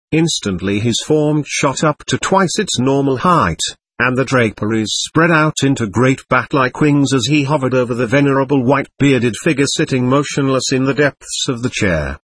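A man narrating a novel in a measured, even reading voice. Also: medium pitch, breathy edge, dry recording. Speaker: audiobook narrator. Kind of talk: scripted narration.

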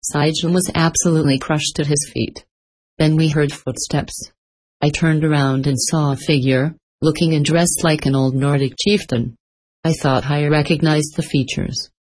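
A woman narrating a story in an even, unhurried reading. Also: deep voice, slightly rough, rough recording.

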